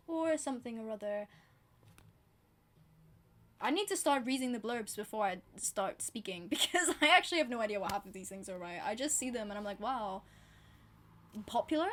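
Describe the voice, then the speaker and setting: A woman's voice: medium pitch, fairly bright tone, a little hiss or hum. A British woman vlogging about books in a chatty, rambling, self-deprecating way. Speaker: book vlogger. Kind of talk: casual chat to camera.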